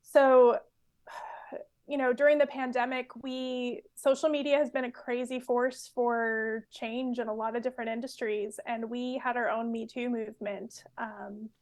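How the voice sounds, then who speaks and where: A woman's voice: a little high, flat delivery, measured pace, a little mellow. A woman from California in her twenties, a guest anthropologist chatting casually in a podcast interview, with a loose style full of fillers and laughs.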